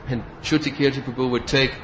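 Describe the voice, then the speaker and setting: A man giving a devotional class and telling a story in a relaxed way, sometimes chuckling. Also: medium pitch, quick pace. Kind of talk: storytelling sermon. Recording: dull lo-fi recording with faint hiss.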